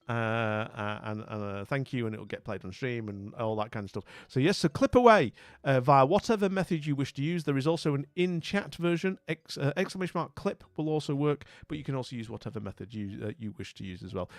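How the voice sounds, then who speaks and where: This northern English streamer chats casually on a live stream, rambling, restarting, and greeting people warmly, though he sounds a bit weak after being ill. His voice is fairly high, and the recording has no echo.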